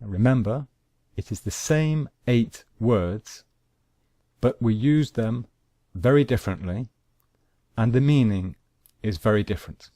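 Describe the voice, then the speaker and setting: A man teaching an English grammar lesson, speaking slowly and deliberately and repeating his examples. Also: medium pitch, animated, warm tone, no echo, studio quality.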